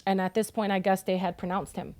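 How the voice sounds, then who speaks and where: A woman's voice: mid-range voice, level tone, a little fast, a little mellow, no room sound. A young woman telling, as a podcast guest, how she lost her son, talking bluntly and swearing often. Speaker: grieving mother as podcast guest. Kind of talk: emotional personal storytelling.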